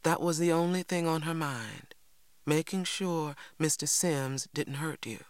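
A woman's voice: sits low, unhurried, no room sound. A woman doing a stern, weary mother. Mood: firm. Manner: quiet, hard and controlled. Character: firm, weary Southern mother. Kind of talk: audiobook character voice.

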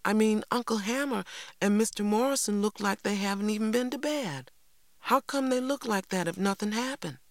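A man's voice: high-pitched, moderate pace, dry recording, studio quality, voice pushed up. A man voicing a spirited young girl in a storybook, impatient and proud, with eager exclaimed questions. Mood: indignant.

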